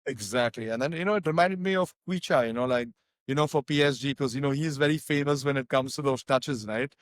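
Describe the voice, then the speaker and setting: Excitable man in casual football chat. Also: mid-range voice, fairly quick, no echo. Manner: excitable, chatty, lots of fillers. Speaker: podcast co-host.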